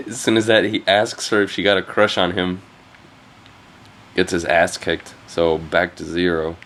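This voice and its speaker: A man's voice: lowish voice, a little hiss or hum. Crude exasperated man reacting to anime. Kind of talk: casual reaction commentary.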